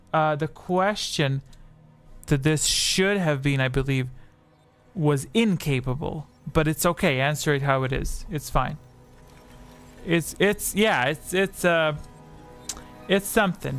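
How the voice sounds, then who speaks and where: A man's voice: fairly high pitch, a little slow, a bit bright, clear, resonant tone, soft background music. A man hosting a livestream quiz at a home desk microphone, talking in a rambling way, correcting himself and reading out chat answers.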